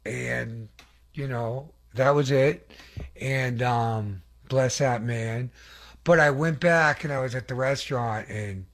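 Earnest rambling man giving testimony. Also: medium pitch. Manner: earnest, rambling, with many fillers and restarts; asks the audience for affirmation. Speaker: lay preacher giving testimony. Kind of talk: conversational testimony sermon.

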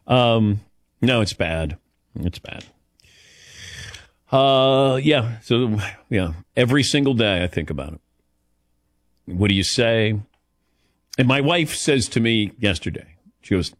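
Animated middle-aged man hosting a call-in show. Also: mid-range voice, unhurried, long pauses, dry recording, studio quality. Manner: self-deprecating, rambling, animated. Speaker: radio show host. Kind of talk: casual call-in chat.

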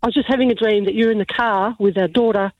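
A woman calling in to a radio show, telling a story in an excited, exclamatory way. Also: medium pitch, fast talker, phone-quality sound. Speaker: caller. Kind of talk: telling a story on a phone call.

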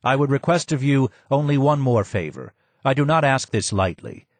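A man doing a courteous, formal male guide in an audiobook, polite and measured, close to the reader's own voice. The recording is dry. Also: medium pitch, big pitch swings, no echo.

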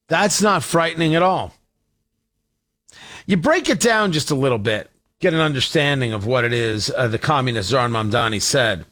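High, animated male talk host. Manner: combative, sarcastic, emphatic. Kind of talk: political commentary monologue.

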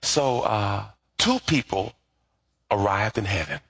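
A middle-aged pastor preaching a lively, conversational sermon with call-and-response. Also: male voice, lowish voice, slow, slightly rough.

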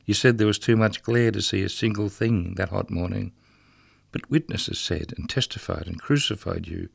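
A man's voice: lowish voice, creaky, no echo, clean studio sound, pitched below the performer's own voice. A man reading a rhythmic dramatic monologue as the ghost of a murdered, drunken prison guard, bitter and mocking. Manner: rhythmic, incantatory delivery.

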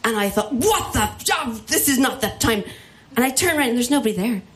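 An Irish woman telling a comic personal story live, animated and self-mocking, acting out the voices of the people in it. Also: fairly high pitch, fairly quick, faint music behind. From Ireland.

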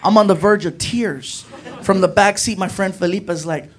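A man doing stand-up who tells a story in an animated way and shouts out the voices of his friends. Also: high-pitched, moderate pace. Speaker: stand-up comedian.

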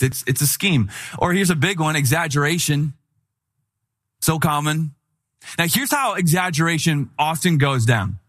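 Man preaching with slightly higher pitch. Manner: animated and candid, with humorous asides. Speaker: pastor. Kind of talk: conversational sermon.

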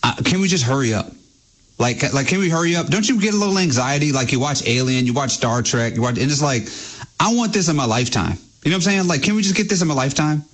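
A man's voice: fairly high pitch, expressive, fast talker. A man co-hosting a radio show who rambles impatiently and says "like" again and again. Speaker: radio co-host. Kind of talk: sports radio talk. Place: radio studio.

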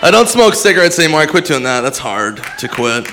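Laid-back deadpan stand-up man. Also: fairly high pitch, a little fast. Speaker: stand-up comedian. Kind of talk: stand-up routine. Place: comedy stage before a live audience. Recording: live stage mic with crowd laughter and room noise.

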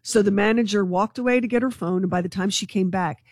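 A woman co-hosting a radio show, relaying a story with eager, gossipy excitement. Her voice sits in a middle register and is picked up by a close mic in a dry, dead studio with no room echo. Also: mid-range voice, fast. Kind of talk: morning radio show chat, telling a news story.

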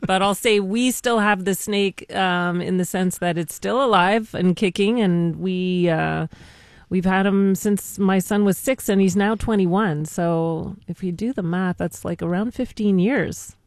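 A woman's voice: mid-range voice, a little slow, no echo, studio quality. Chatty woman on radio. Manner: friendly, talkative, with hesitations. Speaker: radio co-host. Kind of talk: casual radio chat. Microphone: studio microphone.

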